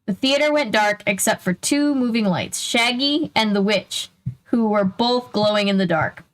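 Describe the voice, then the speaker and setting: A woman's voice: mid-range voice, expressive, moderate pace, poor audio. A young woman casually reading a children's mystery book aloud, breaking in with chatty asides.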